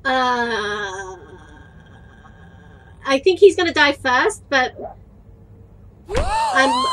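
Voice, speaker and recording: A woman's voice: sits high, very animated, very slow, pauses often, very noisy. A young woman giving crude, cheeky let's-play commentary while playing a game, playfully exasperated at what is on screen. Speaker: gaming video creator.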